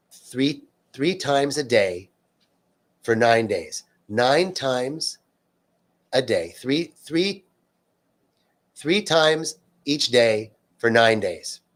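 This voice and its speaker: An earnest man leads a live-streamed spiritual talk in a mid-range voice. He speaks off the cuff, restarting phrases and stacking repeated words for emphasis as he answers viewers. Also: medium pitch. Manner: loose and unscripted, frequent fillers and restarts.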